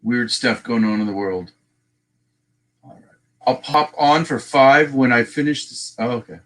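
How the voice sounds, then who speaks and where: A man's voice: medium pitch, unhurried. A man with a Texan accent hosting a casual livestream, chatting along and greeting viewers by name as he goes. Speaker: livestream host.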